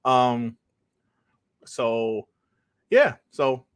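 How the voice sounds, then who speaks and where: A man's voice: medium pitch, lively intonation, extremely slow, clean tone, no echo, studio quality. A man hosting a podcast, ranting casually and emphatically, swearing and repeating points for stress. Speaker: podcast host.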